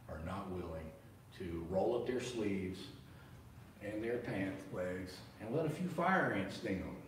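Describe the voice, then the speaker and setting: A man hosting a vlog, mocking and goading the police in a sarcastic tone. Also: fairly low pitch. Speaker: video host confronting police. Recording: echoey, from afar with faint noise.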